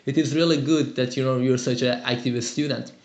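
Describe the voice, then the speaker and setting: A man's voice: mid-range voice, steady tone, a little fast, a little mellow, echoey room. A man teaching an English lesson and answering students' calls in an upbeat, chatty way, with lots of fillers. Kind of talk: live lesson and call-in Q&A.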